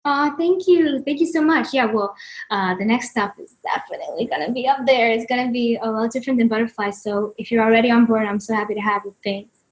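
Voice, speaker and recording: A woman's voice: a little high, fairly even intonation, a little fast, poor audio. A woman musician as guest in a casual live video-call chat, talking in an effusive, gushing way that often turns emotional.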